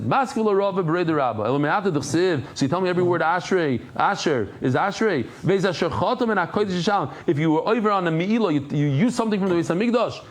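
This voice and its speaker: A man teaching a Talmud class, telling stories with acted-out voices and Hebrew and Yiddish terms. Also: fairly high pitch. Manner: animated storytelling, acts out characters, mixes Hebrew and Yiddish terms. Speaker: Daf Yomi teacher.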